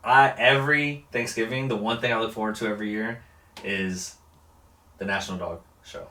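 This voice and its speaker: A man's voice: fairly low pitch, steady tone, moderate pace, sharp tone. A young man co-hosting a podcast, chatting casually and rambling with frequent laughs. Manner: laid-back, rambling, laughs often. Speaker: podcast co-host. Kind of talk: casual chat. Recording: roomy, distant mic, lo-fi backup audio.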